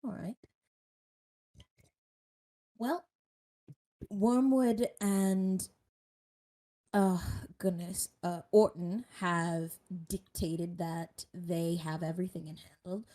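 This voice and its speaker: A woman playing in a tabletop fantasy game, talking in a chatty, eager ramble full of likes. Her voice sits a little low for a woman. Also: steady tone, very slow, pauses often, dark tone. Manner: chatty, filler-heavy, eager. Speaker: player. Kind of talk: casual tabletop role-play.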